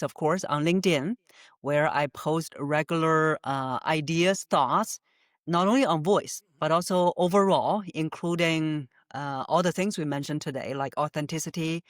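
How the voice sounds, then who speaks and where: A woman's voice: low-pitched, no echo, clean studio sound. A woman voice coach answering podcast interview questions methodically, laying out her points by number with frequent "uh" fillers and easy laughter. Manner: laughs easily. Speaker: voice coach guest.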